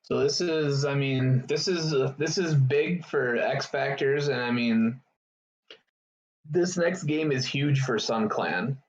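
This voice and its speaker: A man co-casting a card game match, giving measured analysis and reactions. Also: medium pitch, lo-fi sound. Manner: measured analysis, laughs easily. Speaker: esports co-caster. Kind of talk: relaxed game commentary.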